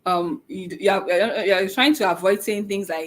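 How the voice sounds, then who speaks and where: A woman speaking to parents in a relaxed teaching talk. She goes step by step and repeats key points. She often pauses with "um" and checks in with a quick "okay?". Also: medium pitch. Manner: halting, with many "um" pauses. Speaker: speech and autism educator.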